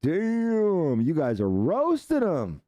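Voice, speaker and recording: Male host, casual live chat with viewers, lively swooping delivery, mellow dark tone, dry close mic. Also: a little high, takes it slowly, no room sound, muffled recording. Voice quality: loose, profane, animated. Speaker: show host.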